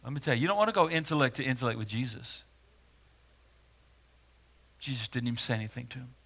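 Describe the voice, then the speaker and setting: Dramatic preacher man with a bright voice. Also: medium pitch, quick pace. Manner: dramatic, swings from hushed to loud. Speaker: pastor. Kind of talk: sermon.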